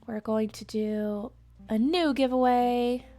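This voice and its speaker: A high-pitched young woman with a twang, chatting casually on a charity live stream. She is bubbly and laughs easily, and her delivery is unhurried. Faint music plays underneath. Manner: excitable, laughs often, talks to chat.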